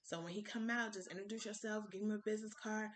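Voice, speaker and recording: A young woman vlogger telling a story in casual chat, animated and acting out the voices of people she quotes. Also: mid-range voice, fast. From Ohio. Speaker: vlogger, cupcake business owner.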